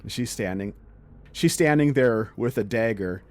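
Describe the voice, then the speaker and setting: A man narrating as game master of a tabletop role-playing game, relaxed and chatty. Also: on the low side, a little slow. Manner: relaxed, chatty, laughs often.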